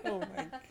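A woman co-hosting a podcast in casual chat, teasing and giggly as she tells stories. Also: heavy background noise. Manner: teasing, giggly, animated storytelling. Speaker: podcast co-host.

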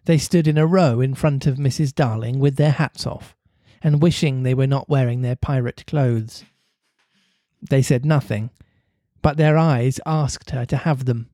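A man's voice: unhurried, dry recording, clean studio sound. A man reading a classic children's novel aloud to a co-host, lifting his voice for character lines. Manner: animated reader, lifts pitch for character lines. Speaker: reader and co-host.

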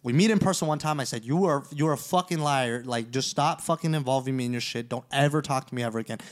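A man's voice: medium pitch, fast talker. A man hosting a podcast, telling a story in casual, profane chat and acting out the quoted lines. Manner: profane, animated, acts out quoted dialogue. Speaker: podcast host.

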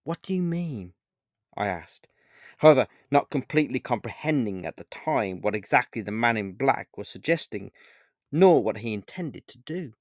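Man, author reading his own short story aloud, measured and earnest, mid-pitched voice, dry close sound. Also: lively intonation, no echo. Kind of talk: first-person short-story narration.

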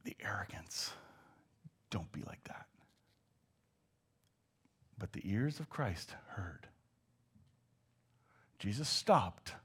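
A man preaching a sermon, moving between hushed asides and loud, acted-out shouts. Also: on the low side, husky.

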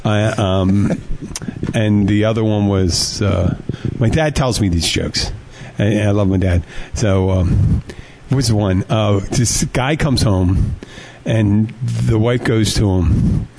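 A man's voice: on the low side, slow, darkish tone. Joking, foul-mouthed male radio host. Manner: joking, tells jokes with voiced characters; swears freely, laughs often. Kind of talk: casual on-air banter.

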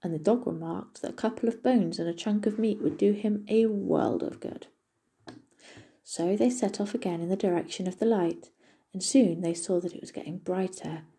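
A woman reads a fairy tale aloud in a steady, gentle manner. Her voice is low and husky. Its tone is deeply dark and mellow. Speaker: storyteller. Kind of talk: storybook narration.

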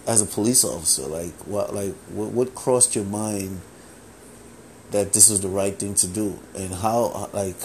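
A man hosting a solo podcast, talking casually, animated and profane, with lots of filler phrases. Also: lowish voice, unhurried, a little hiss or hum. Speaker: podcast host.

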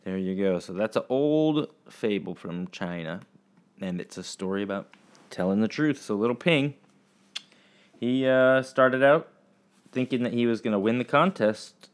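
A man teaching children, telling a story in a chatty, halting way full of fillers. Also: lowish voice, expressive.

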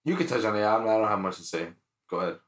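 A man's voice: lowish voice, lively intonation, racing, roomy sound. A man co-hosting a podcast, telling stories in loose, profane, slangy casual banter. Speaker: podcast co-host.

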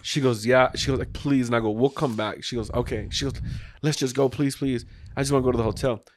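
A man's voice: mid-range voice, fairly even intonation, fast talker, slight background noise. Rambling man telling a story. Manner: rambling, acts out quotes, swears freely. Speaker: podcast host. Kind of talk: casual storytelling chat.

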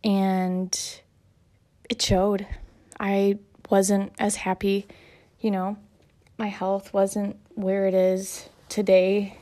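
A woman's voice: mid-range voice, completely flat delivery, extremely slow, mellow. A young woman and mother talking casually and encouragingly, a little out of breath as she folds laundry. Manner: chatty, encouraging, lots of fillers. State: slightly out of breath while folding laundry. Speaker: mother sharing self-care advice. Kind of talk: casual monologue.

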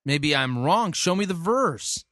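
A man's voice: a little high, animated, a little slow, bright, forceful tone, no room sound, studio quality. A man reviewing a sermon, skeptical and challenging, repeating the preacher's phrases back to question them. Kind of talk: critical commentary.

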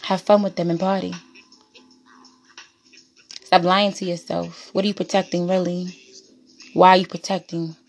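A woman holds forth on her podcast in a lowish voice. She is blunt and profane, and she hammers her points home by repeating phrases. Faint music plays underneath. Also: little pitch movement, normal speed, gravelly, pauses often. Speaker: podcast host. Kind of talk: impassioned monologue.

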